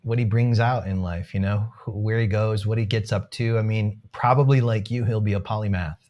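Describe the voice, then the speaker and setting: A man's voice: lowish voice, steady tone, brisk, darkish tone, dull audio. A man hosting a podcast, asking short, easygoing, reflective questions in a casual interview. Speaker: podcast host.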